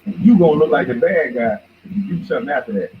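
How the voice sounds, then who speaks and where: Animated ranting man on a lo-fi mic. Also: mid-range voice, fast talker, slight background noise. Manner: heated, mocking, swings between shouts and mutters. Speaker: podcast host. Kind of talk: profane ranting commentary. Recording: dull lo-fi recording.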